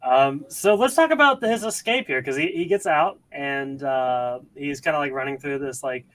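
A man's voice: mid-range voice, lively intonation, moderate pace, fairly bright tone, low-quality recording. A man hosting a casual podcast chat, thinking aloud and hedging with questions to the others.

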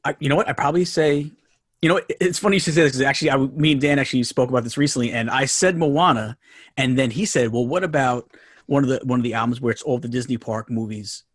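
New york guy talking fast and excited, rambles a lot, mid pitch. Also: breathy edge, no echo, studio quality. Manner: enthusiastic, rambling with many restarts. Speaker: podcast guest. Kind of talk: casual chat.

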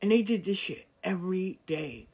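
Frank, animated New woman storyteller. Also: fairly low pitch, normal speed, slightly rough. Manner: animated, acts out quoted voices, slangy and frank. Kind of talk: casual personal storytelling.

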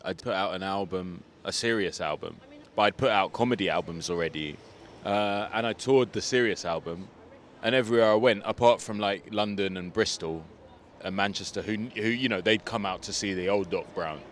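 A man guest, a comedian and rapper, chatting in a casual interview outdoors and telling his story in a relaxed way, with plenty of "like" fillers. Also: deep voice, normal speed, a little hiss or hum. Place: outdoors on a street.

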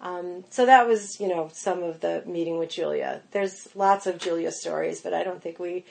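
A pastry chef appears as a podcast guest, her voice on the low side with vocal fry and a normal pace. She tells stories animatedly in casual conversation, sprinkling in "like" and "you know" and acting out what people said.

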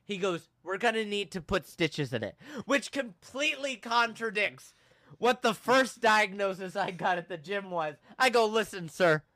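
High bright-voiced man telling a story. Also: moderate pace, dry recording. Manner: animated, acts out quoted people with shouts and laughs. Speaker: podcast host. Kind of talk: casual storytelling chat.

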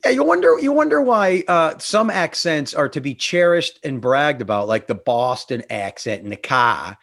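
A man's voice: on the high side, animated, moderate pace, vocal fry, a bit bright. A man with a Northeast Pennsylvania accent hosting a casual interview, chatty and joking with opinionated asides. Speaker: podcast host.

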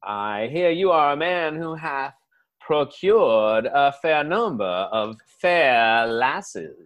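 A man voicing a pompous, courtly southern gentleman in an improv comedy bit, speaking in a flowery, archaic drawl. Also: high voice, huge pitch swings, very slow, breathy edge, heavily acted. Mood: courtly, leering.

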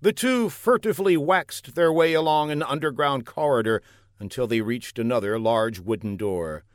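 A man narrating a comic adventure story in a deadpan, playful way. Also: mid-range voice, moderate pace, no room sound, clean studio sound.

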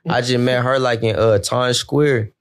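A young man from Los Angeles, a podcast guest telling stories in relaxed, slang-heavy casual chat. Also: medium pitch, unhurried, clean tone. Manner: laid-back slang-heavy storytelling.

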